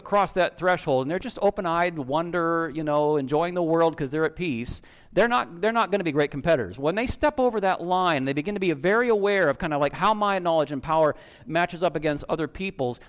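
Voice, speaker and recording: Man, pastor, lively sermon delivery, fairly high voice, talks straight to the congregation. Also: a little fast, few pauses. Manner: animated, conversational preaching with many restarts; asks the congregation questions directly.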